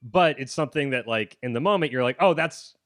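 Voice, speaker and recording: Male podcast host, halting questions, steady agreement, dry close mic. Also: mid-range voice, dry recording. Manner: halting, with frequent backchannel agreement. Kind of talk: casual interview.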